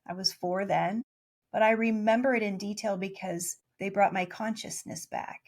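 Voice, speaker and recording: A woman in her forties telling her story in a casual interview, playful and animated, laughing often. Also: mid-range voice, moderate pace. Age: 40s. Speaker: guest, spiritual channel.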